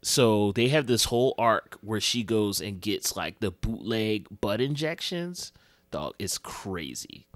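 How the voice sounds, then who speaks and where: A man's voice: fairly low pitch, expressive, slow, a bit bright, dry recording, clean studio sound. A man co-hosting a podcast, rambling through stories in loose, profane street slang. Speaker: podcast co-host. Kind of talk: casual podcast chat.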